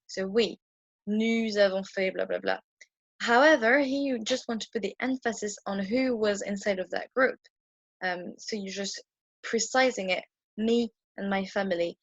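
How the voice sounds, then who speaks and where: A woman teaches French grammar in a casual, patient way, stopping often for ums and restarts as she works through her whiteboard. Her voice sits at a middle pitch and sounds close and dry, with a slightly muffled, dull tone to the recording. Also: normal speed, no echo. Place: indoor room with a whiteboard.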